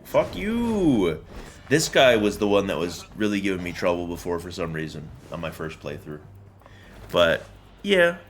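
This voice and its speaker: A man's voice: fairly low pitch, a bit bright, slight background noise. A man streaming a video game, rambling through casual commentary full of jokes and swearing. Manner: joking, profane, rambling.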